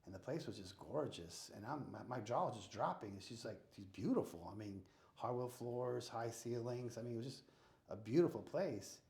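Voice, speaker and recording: A gravelly, medium-pitched American man talks at a moderate pace as a guest in a casual interview; he's a real estate investor who acts out conversations vividly while telling his stories, with a roomy echo around him.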